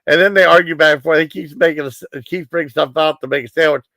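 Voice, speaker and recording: Male streamer, gravelly mid-pitched voice, loose rambling movie recap, dry close mic. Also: fairly even intonation, fast, pushed and bright, dry recording. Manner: rambling, full of fillers and quoted lines. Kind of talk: casual livestream movie recap.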